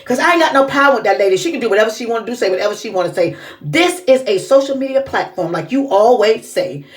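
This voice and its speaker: A woman's voice: on the high side, animated, fast talker. A woman giving casual reaction commentary, indignant and scolding in her delivery. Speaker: commentary vlogger.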